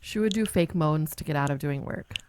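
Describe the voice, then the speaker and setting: A woman comedian from Michigan, chatting on a podcast with blunt, crude, deadpan jokes. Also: low voice, fairly quick, a little hiss or hum. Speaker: stand-up comedian guest. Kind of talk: casual podcast chat.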